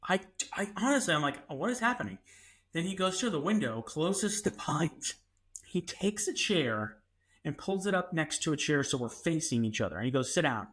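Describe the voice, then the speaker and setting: A man, co-hosting a podcast and telling a story in an animated way, acting out what people said. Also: fairly high pitch, moderate pace. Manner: animated, acts out quotes, many restarts. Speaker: podcast co-host. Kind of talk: casual storytelling.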